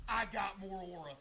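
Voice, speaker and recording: A man's voice: sits high, noisy background. A young man livestreaming in casual chat, joking and bragging in loose slang.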